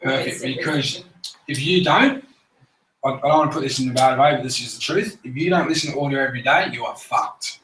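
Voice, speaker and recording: A man's voice: mid-range voice, a little fast, a bit bright. An Australian man giving a casual motivational talk to a group, blunt and full of swearing. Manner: blunt, swears a lot, acts out others' voices. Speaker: speaker at a business group meeting. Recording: echoey room, mic at a distance, faint noise.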